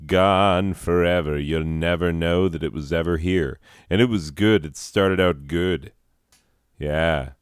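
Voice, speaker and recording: A man with a very low voice and an unhurried delivery rambles through a profane, mock-ranting comedy monologue. The sound is close and dry, with no room around it. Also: no room sound. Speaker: podcast host.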